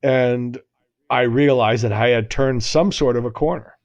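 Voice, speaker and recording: A man's voice: medium pitch, a little slow, a little mellow. A man in his forties co-hosting a podcast, telling a long story in a casual, rambling way, often cutting himself off and laughing. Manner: rambling, self-interrupting, laughs at own story. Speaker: podcast co-host.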